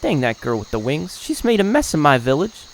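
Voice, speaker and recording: A man's voice: a little high, wildly swooping pitch, fairly quick, a little hiss or hum, pitched above the performer's own voice. A man doing a hot-headed young villager. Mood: angry. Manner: brash, insulting.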